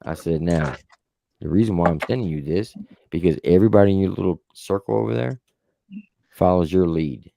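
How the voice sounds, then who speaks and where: Deep gravelly man ranting. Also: brisk, dry recording, clean studio sound. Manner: profane, animated storytelling. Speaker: show host. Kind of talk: heated casual livestream rant.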